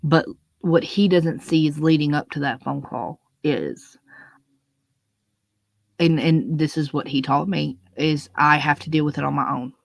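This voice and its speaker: In a dry recording, a young adult's medium-pitched, creaky voice carries an off-the-cuff ranting monologue. The tone is blunt, profane, and emphatic, and words get repeated whenever a point needs stressing.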